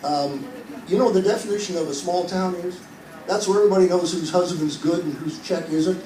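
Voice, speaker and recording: A man's voice: high-pitched, a little fast, mellow. A man in his fifties from Iowa doing a stand-up set on a cruise ship, a chatty storyteller who quizzes the crowd and builds to punchlines. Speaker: stand-up comedian. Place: entertainment venue on a cruise ship. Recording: echoey room heard from a distance with ambient noise.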